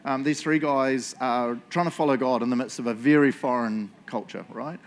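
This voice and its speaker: A man's voice: medium pitch, steady tone, normal speed. A man leading a casual Bible study for a group indoors, chatty and jokey, asking the room questions. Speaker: youth or Bible study leader.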